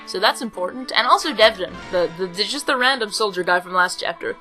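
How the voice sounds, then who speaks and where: A woman hosting a game playthrough, chatting loosely with self-mocking asides. Her voice is bright and clear. Faint game music runs underneath. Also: mid-range voice, expressive, a little fast, few pauses, low-quality recording. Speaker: let's play host. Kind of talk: casual game commentary.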